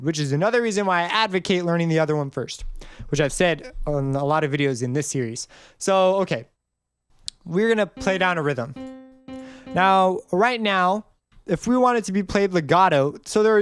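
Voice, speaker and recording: A man's voice: sits high, clear, resonant tone, no room sound. A man hosting a casual music theory tutorial, explaining in a loose, rambling way and singing notes to show each marking. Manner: loose, rambling explanations, sings note examples. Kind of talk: casual screen-recorded tutorial.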